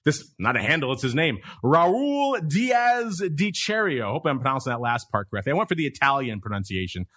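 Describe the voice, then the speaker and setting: A man hosting a podcast in a brisk, chatty manner, moving through listener mail and poll results. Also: medium pitch, animated, bright, forceful tone, dry recording. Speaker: podcast host.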